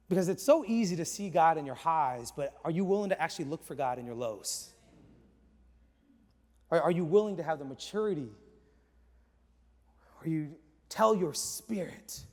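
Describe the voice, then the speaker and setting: A man in his forties, a pastor preaching a sermon with chatty, animated storytelling and casual slang. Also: on the high side, moderate pace, pauses often. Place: church auditorium. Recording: echoey large church hall.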